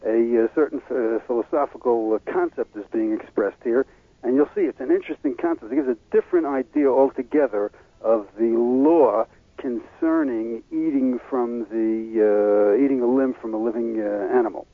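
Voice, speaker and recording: Man, religious teacher, halting explanatory lecture, tinny phone-line radio sound. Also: medium pitch, no room sound. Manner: halting, with many fillers and restarts.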